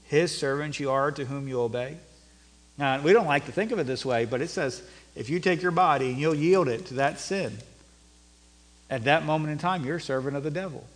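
A male pastor preaching a sermon, rising to loud emphatic peaks and dropping to low, quiet passages. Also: long reverb tail.

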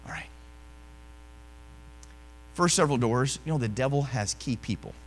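A male preacher delivering a sermon, telling a story animatedly and swinging from loud to hushed. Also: medium pitch, lively intonation, fast talker, in a large hall.

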